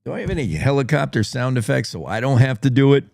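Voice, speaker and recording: A man's voice: medium pitch, fast talker, creaky, darkish tone, no echo. A man hosting a morning radio show, rambling and joking as he tells a story. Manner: jokey, rambling, plays a wolf in first person. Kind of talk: casual talk radio monologue.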